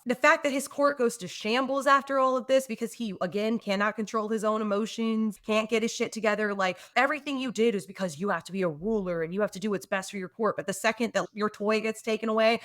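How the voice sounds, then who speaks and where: A woman's voice: a little high, a bit bright, dry recording, studio quality. A woman co-hosting a podcast, ranting about a book in casual chat with lots of swearing. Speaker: podcast co-host.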